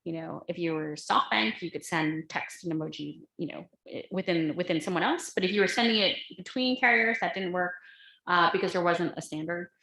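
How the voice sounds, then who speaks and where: A woman's voice: fairly low pitch, fairly quick, gravelly, sharp tone, reverberant, poor audio. A woman giving a casual, chatty lecture with slides, full of fillers and asides. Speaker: guest lecturer.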